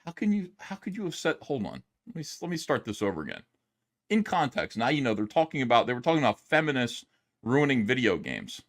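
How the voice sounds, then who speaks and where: A man streaming his reactions to videos, yelling and swearing in an exasperated rant from home. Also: medium pitch, sing-song, brisk. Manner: loud, exasperated, profane yelling. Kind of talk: angry commentary rant. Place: home, downstairs.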